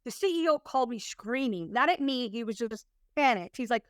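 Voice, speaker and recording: Woman consultant giving a talk, punchy and chatty, kinda high voice, dry close sound. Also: lively intonation, a little fast, no room sound. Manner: emphatic, conversational storytelling. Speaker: crypto compliance consultant. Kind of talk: presentation to an audience.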